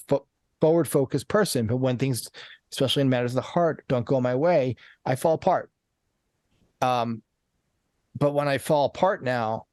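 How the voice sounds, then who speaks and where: Male coach guest: earnest, rambling, restarts often, mid-pitched, dry close-miked sound. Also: darkish tone, no room sound. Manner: earnest, rambling, frequent restarts and repeated words. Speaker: podcast guest, transformation coach. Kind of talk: casual conversational interview.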